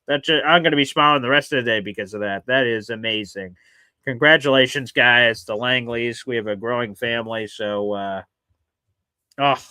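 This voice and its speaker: A man hosts a live sports talk show, gushing and laughing as he reacts to viewers. His voice is bright and forward. It sounds close and dry in a small studio. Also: medium pitch, dry recording. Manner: effusive, emotional, laughs often.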